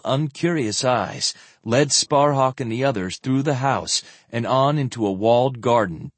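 A man narrating a fantasy novel as an audiobook, with expressive, varied delivery close to the microphone. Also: medium pitch, dry recording.

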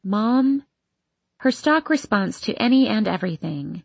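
A woman with a slightly husky voice narrates a first-person teen novel. She reads with emotional intensity. The recording is dry and close to the mic. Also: medium pitch, lively intonation, unhurried, a little mellow, no echo. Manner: emotional, intense, voicing an upset teenage girl. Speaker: audiobook narrator.

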